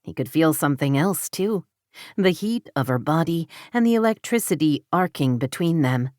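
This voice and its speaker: A woman with a low, deep voice reads an audiobook romance in steady scripted narration. The delivery is even, and the sound is dry and close with no room around it. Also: moderate pace, dry recording.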